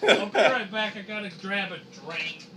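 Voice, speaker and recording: A man's voice: high voice, steady tone, moderate pace, crowd noise. A young man chatting casually on a drawing livestream, joking and reading chat aloud. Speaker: streaming artist.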